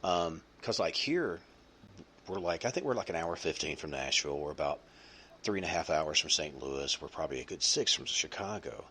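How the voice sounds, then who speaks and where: A man with an extremely low, expressive voice and a sharp tone hosts a podcast at a moderate pace, with slight background noise. His casual chat rambles, packed with fillers and restarts.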